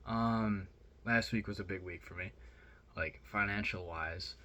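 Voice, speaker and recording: A young man telling a rambling, excited story in a casual vlog, with lots of fillers. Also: lowish voice, a little slow, muffled recording. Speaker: vlogger.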